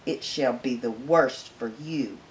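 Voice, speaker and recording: A woman's voice: very deep voice, takes it slowly, pitched below the performer's own voice, rough recording. Storybook witch, stern and mighty, commanding sing-song calls; woman reader voices her. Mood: angry.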